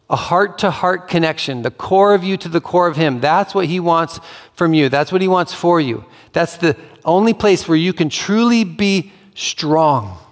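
A male pastor delivers an earnest, conversational sermon and slips into quick acted-out quotes. His voice sits a bit high for a man. The sound carries a long, echoing reverb of a large hall.

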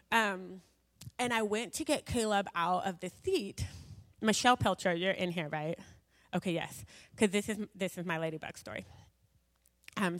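A woman's voice: on the low side, clean studio sound. A woman giving a personal faith testimony to an audience, rambling and self-deprecating, full of filler words. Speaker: speaker sharing a personal testimony. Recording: long hall reverb.

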